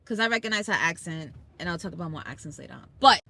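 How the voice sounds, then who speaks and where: Animated New York woman, bright voice. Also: on the low side, fast, no room sound. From Brooklyn, New York. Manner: animated storyteller, acting out quoted people, emphatic. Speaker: podcast host. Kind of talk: casual family chat. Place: car on a school commute.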